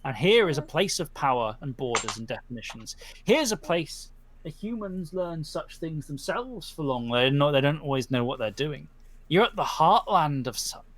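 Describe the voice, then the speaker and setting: A man's voice: fairly high pitch, big pitch swings, normal speed, fairly bright tone. A man voicing a ten-foot three-headed horse spirit that talks in a blunt, folksy way with sudden threats. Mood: proud.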